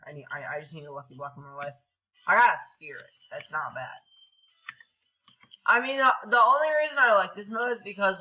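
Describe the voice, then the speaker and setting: High, bright-voiced excitable young gamer. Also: male voice, lo-fi sound. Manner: excitable, yelps and groans at the game; mumbles asides under his breath. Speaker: gaming channel host. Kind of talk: casual gameplay commentary.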